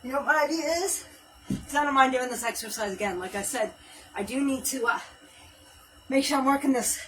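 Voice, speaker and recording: A woman's voice: high voice, fairly quick, recorded from a distance, noisy background. A woman hosting a live home workout stream, counting reps aloud and chatting casually while she exercises, a little out of breath. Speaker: fitness livestream host. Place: home workout space, livestream.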